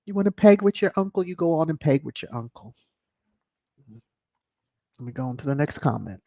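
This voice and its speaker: A live stream host chatting casually and reading out viewer comments, animated and quick to laugh. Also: mid-range voice, vocal fry, no room sound. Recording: dull lo-fi dry stream audio.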